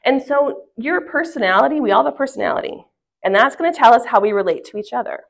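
A woman's voice: a little high, lively intonation, fast talker, vocal fry. A woman teaching a church group in a conversational way, asking the audience questions and telling a family story. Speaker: women's ministry speaker. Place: church hall with a live audience.

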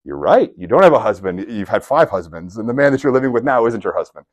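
A man doing a calm, knowing teacher, low and soft. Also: fast. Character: calm, knowing male teacher speaking quietly.

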